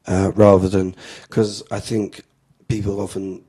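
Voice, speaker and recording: Deep husky guy rambling on, lots of ums, pretty flat. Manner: rambling, halting with many fillers. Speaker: comedian guest. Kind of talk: interview chat.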